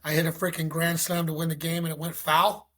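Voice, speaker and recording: A middle-aged man from Mexico, a former pro pitcher, telling stories in a casual interview, animated and acting out phone calls. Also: fairly quick. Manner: animated, acts out phone calls, says "you know" often.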